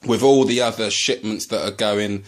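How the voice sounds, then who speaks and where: A man from the UK filming a casual unboxing video as a collector vlogger. He speaks haltingly and turns to angry ranting, full of swearing. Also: lowish voice, fairly even intonation.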